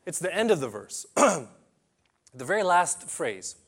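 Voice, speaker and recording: A man preaching a sermon in an impassioned way, swinging between hushed and loud passages and often repeating or restarting phrases. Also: on the high side, sing-song, measured pace.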